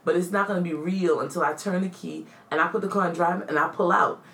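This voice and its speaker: Lively storytelling woman, low voice. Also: fast talker, reverberant, recorded from a distance. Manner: animated storyteller, acts out quotes, bursts into laughter. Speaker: podcast co-host. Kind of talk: casual chat.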